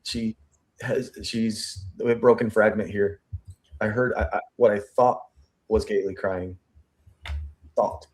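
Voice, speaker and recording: This true crime host, with a somewhat low voice and a steady tone, works through a witness statement piece by piece. He reads the quoted lines slowly, then races through his own remarks, thinking aloud and repeating or restarting phrases as he searches for words.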